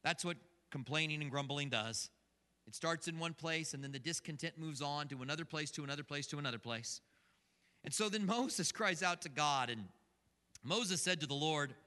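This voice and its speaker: Older guy pastor preaching, chatty, asks the crowd stuff, kinda high voice, big echoey hall. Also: moderate pace, sharp tone. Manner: conversational, asks the congregation questions. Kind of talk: sermon. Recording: long hall reverb.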